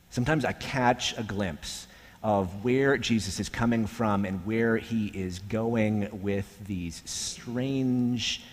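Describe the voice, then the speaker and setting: A pastor preaching a sermon in a slow, measured way, with long pauses, sometimes dropping to a hushed voice. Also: male voice, lowish voice. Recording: echoey hall with long reverb.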